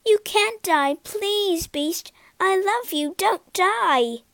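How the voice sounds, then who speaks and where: A woman's voice: very high voice, lively intonation, very slow, fairly bright tone, voice pushed up, exaggerated voice. A woman voicing a kind, devoted young heroine who talks in an earnest, heartfelt way.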